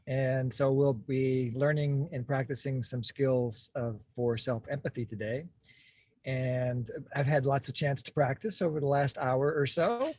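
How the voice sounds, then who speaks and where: Casting note: man, husky, steady mid voice, calm group-meditation host on a phone video call from a car, close and dry. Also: medium pitch, no echo. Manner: slow, calm, clears throat often. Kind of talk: gentle guided mindfulness. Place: parked car.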